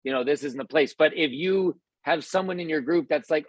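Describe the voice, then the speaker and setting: A man's voice: fairly quick, few pauses, no room sound. A man giving a casual motivational talk to his team. He rambles with many restarts and acts out quoted people in raised voices. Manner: acts out quoted voices in a higher, louder pitch.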